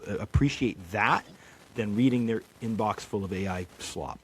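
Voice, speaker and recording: A man's voice: fairly low pitch, normal speed, breathy edge. A man speaking as a guest on a podcast, giving marketing advice in a confident way and checking in with "right?". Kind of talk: casual interview chat.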